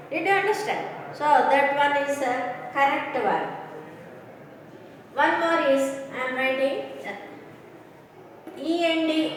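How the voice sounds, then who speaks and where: Woman teacher, slow delivery, repeats words, long hall-like echo, faint room noise. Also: high-pitched. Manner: slow, repetitive, keeps checking students understand. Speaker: English teacher. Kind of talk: recorded pronunciation lecture. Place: classroom or room with a board. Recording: echoey room, voice far from the mic.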